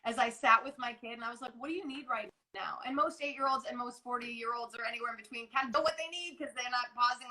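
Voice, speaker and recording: A woman in her forties talks earnestly over a video call in a high, bright voice. She rambles with many restarts. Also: fast, hardly any pauses, low-quality recording. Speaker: guest wellness coach. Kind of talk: casual live interview chat.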